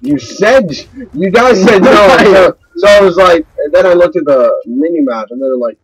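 A young man chatting casually while playing an online shooter, tossing out quick reactions. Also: sits high, noisy background. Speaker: gamer. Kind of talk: casual gameplay chat.

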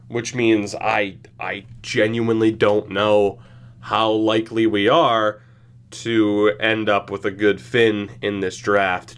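A man's voice: medium pitch, clean tone. A young man giving casual, rambling commentary on his hockey video game season, wry and often chuckling mid-sentence. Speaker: gaming YouTuber. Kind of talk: casual franchise-mode commentary.

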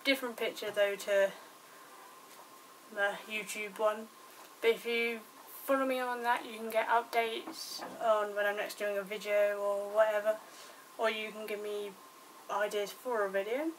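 A woman's voice: medium pitch, fairly bright tone. A young British woman with a British accent, chatting casually to camera at home, rambling and swearing freely. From Britain. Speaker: vlogger. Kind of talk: casual vlog chat. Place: home indoors. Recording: recorded from a distance, faint background noise. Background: dogs outside.

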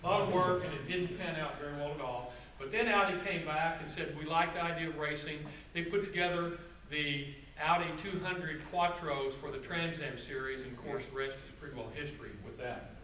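Man, guest speaker, conversational storytelling, asides to audience, bright forceful voice, distant mic, faint room noise. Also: on the high side, a little fast, hardly any pauses, echoey room. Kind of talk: conversational presentation to a club audience.

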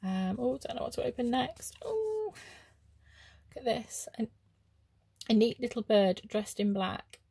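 Gushing woman with gravelly fry. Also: fairly high pitch, fairly even intonation, normal speed, dry recording. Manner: gushing, lots of soft oohs and ums. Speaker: craft vlogger. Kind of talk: casual unboxing chat.

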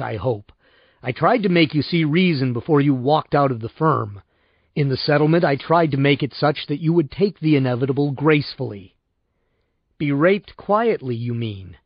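A man reading an audiobook and voicing a cool, calculating lawyer who speaks in a measured, lawyerly way, on a dull lo-fi recording. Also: fairly high pitch, no room sound. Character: cool, calculating male lawyer, practical and controlled.

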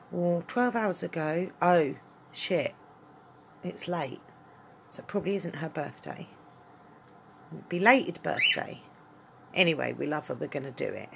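A woman's voice: fairly low pitch, expressive, slow, vocal fry, pauses often, fairly bright tone. A middle-aged mother talking bluntly in a casual home video from her bedroom, tired and unwell, swearing freely. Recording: noisy home recording.

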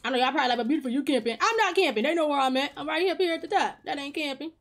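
A woman hosting her own gaming channel, giving chatty, excitable commentary over her gameplay and talking straight to her viewers. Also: high-pitched, very fast.

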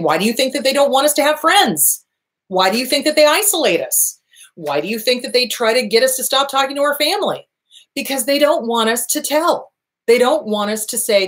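A woman's voice: fairly high pitch, expressive, fairly quick, fairly bright tone. A woman therapist hosting an advice talk, speaking bluntly and emphatically with frequent profanity and acted-out bits of dialogue. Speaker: therapist and show host. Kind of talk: direct-to-camera advice talk.

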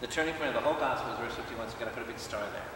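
A man, a priest, preaching a lively Bible study to a congregation, asking questions and acting out quotes. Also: mid-range voice, racing, background noise. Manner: animated, questions the audience, acts out quotes. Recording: echoey hall, speaker far from mic.

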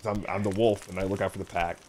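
A man's voice: sits low, flat delivery, fast talker, darkish tone, slight background noise. A man streaming a game and chatting casually, rambling with repeated restarts and sudden swearing outbursts. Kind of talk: casual chat while playing a game.

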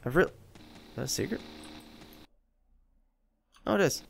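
A man's voice: fairly high pitch, lively intonation, measured pace, vocal fry, husky. A man giving let's play commentary, swearing and yelping in frustration as he plays. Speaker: gameplay commentator.

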